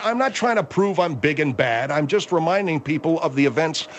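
A man's voice: fairly high pitch, lively intonation, fairly quick, slight background noise. Easygoing male talk radio host. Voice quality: easygoing, chatty, mediating. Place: radio studio.

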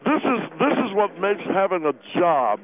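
A man's voice: high voice, animated, fast, voice pushed up. A man voicing a smug, pompous male businessman who talks with his mouth full and lectures callers. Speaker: guest. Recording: tinny phone line.

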